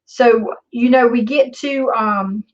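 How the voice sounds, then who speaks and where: Woman vlogger, sarcastic and rambling, swears a lot, a bit higher voice, slightly muffled recording. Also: slow. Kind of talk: casual storytelling vlog.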